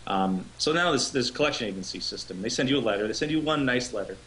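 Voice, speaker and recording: A man's voice: mid-range voice, expressive, fast, fairly bright tone, rough recording. Male co-host, casual stream chatter, rambling anecdotes, salty language, faint background hum. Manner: rambling storyteller, swears freely. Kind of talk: casual live-stream chat.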